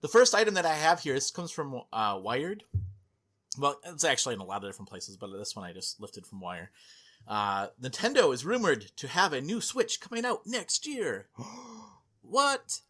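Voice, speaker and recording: A man's voice: mid-range voice, big pitch swings, brisk, a bit bright. A man hosting a gaming podcast in casual chat, chatty and filler-heavy, laughing often. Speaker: podcast host.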